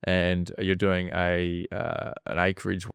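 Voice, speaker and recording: A host with a low, gravelly voice asks long, meandering questions with plenty of ums. The recording is dry and close. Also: male voice, completely flat delivery, slow pace, fairly bright tone, no room sound. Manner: rambling, hesitant questions with fillers. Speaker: podcast host. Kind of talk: interview questions.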